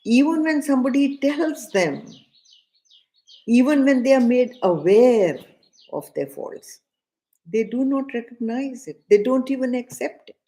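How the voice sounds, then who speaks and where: A middle-aged woman with an Indian English accent giving a spiritual discourse, deliberate and repeating key phrases, now and then chanting verses slowly. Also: high-pitched, expressive, warm tone. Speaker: scripture teacher.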